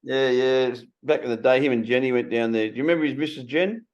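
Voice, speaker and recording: An Australian man in his sixties hosting a casual conversation, blunt and animated, swearing freely. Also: mid-range voice, fast talker. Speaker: podcast host. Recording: slightly muffled recording.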